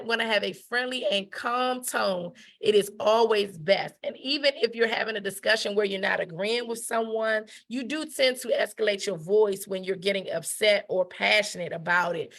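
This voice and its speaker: An emphatic woman talks through etiquette in a relaxed teaching style. She repeats her main points, keeps asking "right?", and drops into short acted-out voices when she quotes someone. Her pitch sits in an ordinary middle range. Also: vocal fry. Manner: emphatic, repeats key phrases, asks "right?"; acts out quoted speech. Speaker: etiquette educator. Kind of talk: conversational teaching talk.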